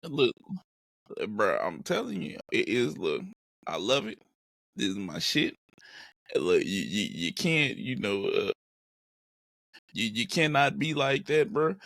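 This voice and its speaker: A man's voice: mid-range voice, big pitch swings, unhurried, gravelly, pauses often, fairly bright tone, no echo, clean studio sound. A man hosting a casual podcast, hyped and slangy as he opens the show. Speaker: podcast host.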